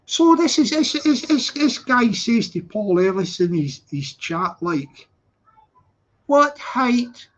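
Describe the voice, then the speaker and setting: A man's voice: high voice, big pitch swings, a little slow, hardly any pauses. A man hosting a casual live stream, rambling and repeating words as he restarts his sentences. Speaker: channel host. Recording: slightly dull lo-fi audio.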